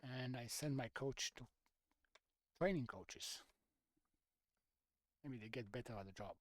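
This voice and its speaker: A man's voice: medium pitch, a little slow, no room sound. A man streaming a game, chatting casually and half-muttering through menu choices in slightly non-native phrasing. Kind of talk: casual gameplay commentary.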